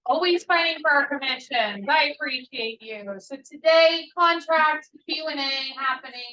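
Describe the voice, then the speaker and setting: A woman's voice: high voice, normal speed, pushed and bright, lo-fi sound. A woman hosting a team meeting, upbeat as she announces the calendar and introduces a guest, recorded in an office meeting room by a distant microphone. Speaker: meeting host. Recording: echoey room, voice from far off.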